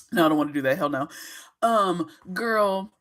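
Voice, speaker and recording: A woman hosting her own livestream, talking straight to her chat in a casual, animated way, laughing often and swearing freely. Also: fairly low pitch, a little hiss or hum. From Minnesota. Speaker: livestream host.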